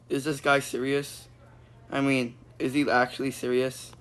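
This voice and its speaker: A man improvising a goofy VR puppet comedy, excitable and silly, breaking into sudden squeals. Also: mid-range voice, unhurried. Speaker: puppet show creator.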